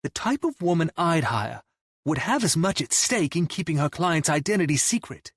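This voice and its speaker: A cocky young drummer, as a male narrator puts him on, breezy and wisecracking, lifted well above the narrator's own register. The voice keeps a husky edge. The recording is dry. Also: a little high, big pitch swings, normal speed, no echo, voice pushed up. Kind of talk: audiobook character voice.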